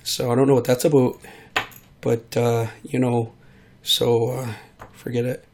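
A man rambles through a casual monologue while sick. His voice has a steady middle pitch and a gravelly, creaky texture. He wanders from thought to thought, trails off and fills gaps with ums. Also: a little slow. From United States. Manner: meandering, trailing off, many fillers. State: sick, voice hard to control. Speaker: vlogger.

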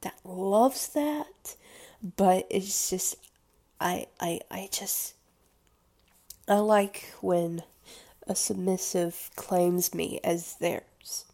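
A woman speaking in an intimate confessional monologue, hesitant and halting, often slipping into soft whispers. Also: fairly low pitch.

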